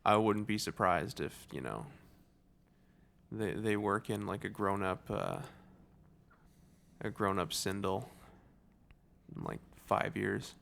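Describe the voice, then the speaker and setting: A man's voice: on the low side, slow, gravelly, long pauses, a bit bright. Rambling, joking man. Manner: rambling, filler-heavy, jokey. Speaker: podcast co-host. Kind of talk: casual chat.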